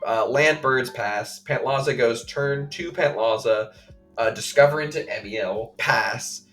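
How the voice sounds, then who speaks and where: A man co-hosting a podcast, recounting a game play by play in casual chat, full of fillers and quick acted quotes. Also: medium pitch, a bit bright, faint music behind. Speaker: podcast co-host.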